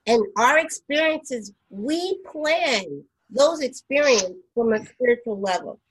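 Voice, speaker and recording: A woman's voice: fairly high pitch, expressive, slow pace, breathy edge, rough recording. A woman hosting a spiritual radio talk show, speaking heartfelt and emphatic, with frequent stumbles and restarts.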